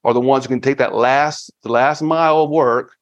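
A man in his fifties, a guest on a business podcast, talking casually and with energy, often breaking into excited quoted asides. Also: medium pitch, moderate pace. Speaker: podcast guest, finance firm founder. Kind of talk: casual interview talk. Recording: slightly dull lo-fi audio.

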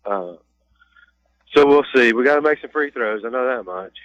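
A man's voice: medium pitch, expressive, normal speed, a bit bright, no room sound, highs cut off. A man co-hosting a sports radio show, easygoing and chuckling as he chats. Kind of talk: casual sports radio chat. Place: radio studio.

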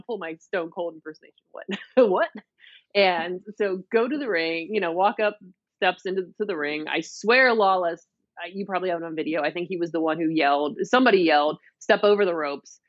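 A woman's voice: medium pitch, no echo. A woman co-hosting a casual wrestling podcast, telling a rambling story and laughing often. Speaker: podcast co-host. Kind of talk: casual chat. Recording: dull lo-fi dry sound.

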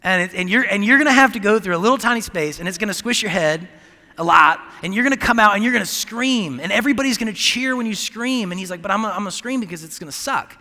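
A man in his thirties gives a sermon in a bright, slightly high voice. He talks casually and rambles, stopping and restarting often. A long reverb from the hall trails behind his words. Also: animated, fast talker. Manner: conversational, rambling with many fillers and restarts. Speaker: pastor.

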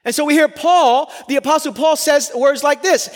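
A man with an unusually high-pitched voice delivers a sermon. He speaks earnestly and with strong emphasis, at times lifting almost to a shout. His voice carries a long reverb that fills a large hall. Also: moderate pace. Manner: earnest and emphatic, rising to near-shouts on key points. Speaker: preacher.

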